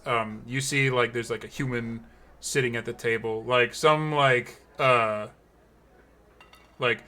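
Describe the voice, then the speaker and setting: A man's voice: mid-range voice, bright, forceful tone. A man narrating a tabletop game as game master, rambling and full of fillers and laughter.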